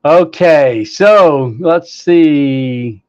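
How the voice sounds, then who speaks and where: A man's voice: on the high side, drawn-out words, darkish tone, clear, resonant tone, muffled recording. Upbeat man hosting a live chat. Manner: upbeat, greets viewers by name, many fillers. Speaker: livestream host. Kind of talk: casual live chat reading viewer comments. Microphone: clip-on microphone, sometimes staticky.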